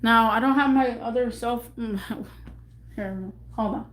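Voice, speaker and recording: A young woman vlogger telling an emotional storytime, halting and repeating herself as she rambles through it. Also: fairly high pitch, a bit bright.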